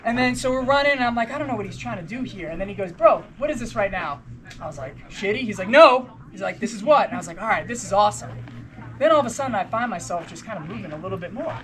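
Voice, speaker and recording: A woman's voice: mid-range voice, expressive, very fast. A young woman giving a motivational talk to runners at a race event, telling a story and acting out the dialogue with casual slang. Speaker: motivational speaker at a race briefing. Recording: noisy outdoor ambience.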